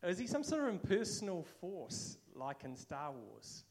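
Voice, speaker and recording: A man's voice: high voice, wildly swooping pitch, a little slow, darkish tone. Conversational New Zealand man preaching. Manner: conversational, acts out quoted voices. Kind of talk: casual sermon.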